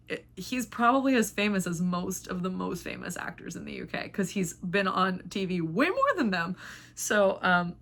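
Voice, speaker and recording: A woman's voice: lowish voice, a bit bright. A woman hosting a knitting vlog, chatting casually and rambling with lots of filler words. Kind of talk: casual chat.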